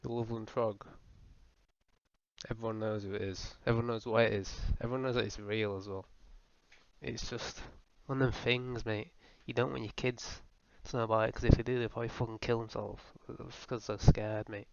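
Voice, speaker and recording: A man's voice: lowish voice, level tone, normal speed, gravelly, no room sound. A young man doing a profane, rambling, mock-serious comedic rant as a voice-over. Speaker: comedy video host. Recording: dull lo-fi voice-over with faint music.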